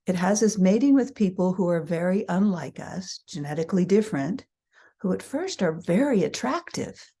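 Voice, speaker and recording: A woman's voice: lowish voice, lively intonation, dark tone, breathy edge. A middle-aged woman teaching, reading her own booklet aloud with chatty asides and little acted-out voices. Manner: chatty, laughs at herself, acts out quick voices. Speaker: human design teacher.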